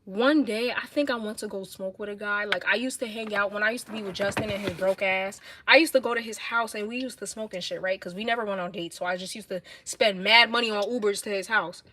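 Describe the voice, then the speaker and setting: A young woman with a New York accent, livestreaming and telling blunt, animated stories in casual chat. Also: medium pitch, fast talker, few pauses, noisy background. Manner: blunt, animated, swears a lot.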